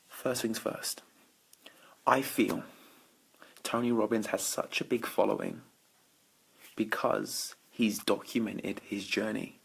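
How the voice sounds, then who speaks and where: Motivational speaker, male, gravelly husky low voice, energetic live-stream host greeting viewers. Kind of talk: late-night Facebook Live talk to viewers. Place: indoors at night. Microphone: phone or webcam for a live stream.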